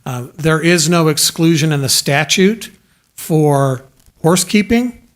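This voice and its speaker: A man's voice: a little high, expressive. A man as city legal counsel, giving careful, precise legal advice at a council meeting. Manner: measured, precise, careful hedging. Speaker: city attorney.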